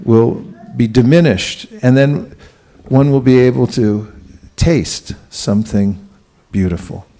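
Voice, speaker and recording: A man giving a relaxed, conversational spiritual talk, asking the audience questions and chuckling now and then. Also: medium pitch, slow pace, few pauses. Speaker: spiritual teacher giving a class. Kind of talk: conversational sermon.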